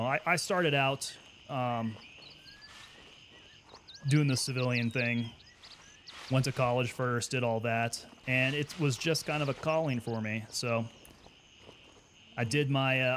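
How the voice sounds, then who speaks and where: A man talks casually through his gameplay, wondering aloud and answering viewers' questions. His voice sits at an ordinary mid pitch. A faint hiss stays under the voice. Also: a little slow, long pauses, fairly bright tone. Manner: chatty, thinks aloud, answers chat questions. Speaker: gaming streamer and Army veteran. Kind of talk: casual live gameplay commentary.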